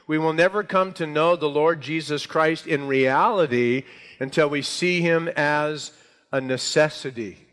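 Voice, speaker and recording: A man's voice: fairly high pitch, fairly bright tone. A man preaching a sermon to a congregation, with emphatic, rising delivery. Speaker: pastor. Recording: hall reverb.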